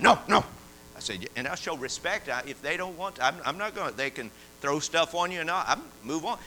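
A man, a prison chaplain preaching a sermon and telling stories in a folksy way, at times rising into shouted praise. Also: a little high, a little hiss or hum, poor audio. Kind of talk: sermon with testimony.

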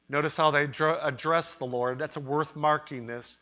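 A man preaching a sermon in an emphatic way, rising to loud cries when he voices quoted pleas. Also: a little high, fairly even intonation, moderate pace. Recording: dull lo-fi sermon recording.

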